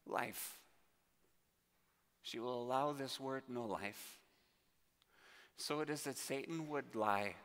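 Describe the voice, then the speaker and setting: Guy pastor giving a sermon, bright forceful voice, long echo from the church room. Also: medium pitch. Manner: emphatic preaching with vivid homely analogies. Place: church sanctuary.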